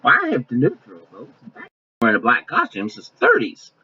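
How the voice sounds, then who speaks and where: A male pastor preaching a sermon in a folksy, conversational way, now and then mimicking offended people in quick asides. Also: mid-range voice, huge pitch swings, breathy edge. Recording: dull lo-fi sound.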